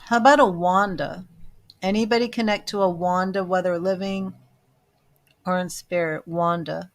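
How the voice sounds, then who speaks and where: A woman giving a live-stream psychic reading, chatty and self-amused, now and then dropping into soft murmured asides as she calls out names to her viewers. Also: lowish voice, fairly even intonation, normal speed. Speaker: psychic medium reader.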